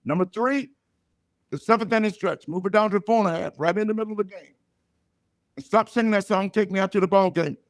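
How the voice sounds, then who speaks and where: A man's voice: sits high, brisk, no room sound, studio quality. Older man telling punchy jokes. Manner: loud punchy joke delivery, animated storytelling. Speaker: comedian guest. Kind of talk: storytelling comedy chat.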